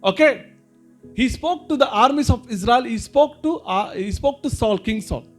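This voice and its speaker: A man's voice: very high voice, expressive, moderate pace. A man with an Indian English accent preaching a sermon, repeating and rephrasing his points and calling listeners brother and sister. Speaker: pastor. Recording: faint music behind.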